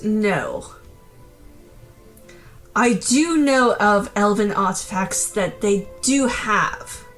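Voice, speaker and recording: A woman playing a tabletop role-playing game, speaking in character in a measured, formal way. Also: medium pitch, poor audio.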